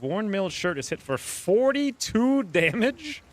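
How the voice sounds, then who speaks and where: A man streaming a strategy game, talking excitedly over the play and crying out when his fighters get hit. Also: sits high, slow pace, no room sound. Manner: animated, yelps and cries out at hits. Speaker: gameplay streamer. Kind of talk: excited gameplay commentary.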